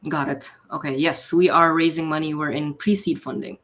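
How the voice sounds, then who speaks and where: A man with a West Coast American accent delivering a startup pitch, speaking clearly and at a measured pace. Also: fairly even intonation, a bit bright. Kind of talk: rehearsed pitch then answers.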